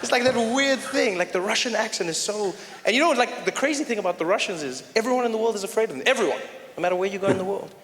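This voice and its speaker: A man doing live stand-up comedy, talking playfully and making quick asides to the crowd. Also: sits high, lively intonation, a bit bright. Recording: echoey hall with background noise.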